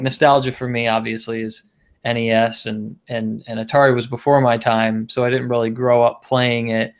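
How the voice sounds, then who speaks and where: A man co-hosting a casual podcast, talking in a rambling way with many restarts and fillers. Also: mid-range voice. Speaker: podcast co-host. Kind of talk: casual chat.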